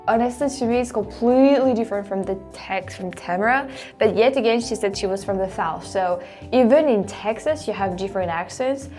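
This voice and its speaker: A woman's voice: medium pitch, brisk, warm tone, faint music behind. Chatty French-accented woman host. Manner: chatty, laughs often, restarts mid-sentence. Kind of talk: casual reaction video.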